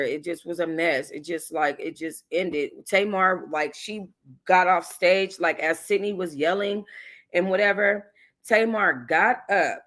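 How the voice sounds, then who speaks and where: A woman's voice: on the low side, a bit bright. A woman hosting a casual livestream, giving chatty, sassy commentary with emphatic slangy asides. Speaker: YouTube host reviewing a reality show.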